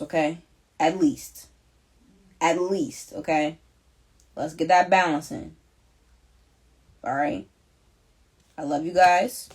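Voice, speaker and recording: Woman, low-pitched, husky voice, young adult, live tarot reader, emphatic and slangy. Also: darkish tone. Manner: emphatic, repetitive, slangy, emotional. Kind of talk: live collective tarot reading.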